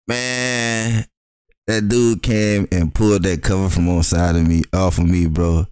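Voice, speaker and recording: A young man on a podcast telling a wild story with loud laughter and acted-out voices. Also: low-pitched, fairly even intonation, measured pace, smooth, no room sound, clean studio sound. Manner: loud, laughing, acts out voices in his stories. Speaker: podcast co-host. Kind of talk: animated storytelling.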